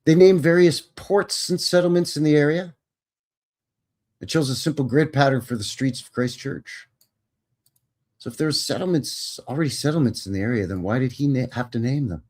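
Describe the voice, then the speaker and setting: A man's voice: mid-range voice, moderate pace, a little mellow. A Canadian man hosting a livestream, reading history text aloud and adding folksy, wry asides. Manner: folksy, says "bud" and "eh". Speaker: livestream host. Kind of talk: casual commentary reading aloud.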